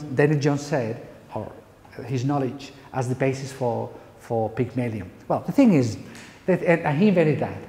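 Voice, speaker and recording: A man's voice: medium pitch, warm tone. A man with a Spanish accent, a pronunciation teacher giving an emphatic, playful lecture full of rhetorical questions. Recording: echoey hall reverb.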